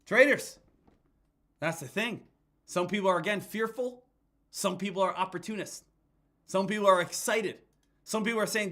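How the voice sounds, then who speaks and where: A young man hosting a live stock-trading stream, energetic, talking straight to his viewers. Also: high-pitched, normal speed, pauses often. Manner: energetic, addresses viewers as traders. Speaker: host, stock trader. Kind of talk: live-stream market talk.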